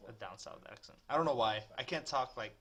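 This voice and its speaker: A man's voice: medium pitch, brisk, fairly bright tone. A young man with a Boston accent, chatting on a podcast, laughing a lot and restarting his sentences. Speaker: podcast co-host. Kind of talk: casual chat.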